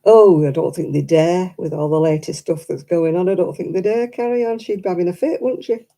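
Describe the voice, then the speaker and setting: A woman's voice: fairly low pitch, a little fast, mellow. A woman chatting casually to her live stream audience, rambling and self-deprecating.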